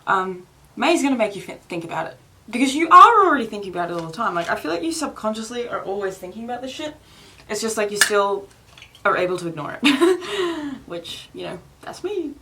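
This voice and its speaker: A woman's voice: a little high, sing-song, fairly quick, pushed and bright. A woman from Australia giving a casual tarot reading, rambling and swearing freely with frequent laughs and filler words. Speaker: tarot reader.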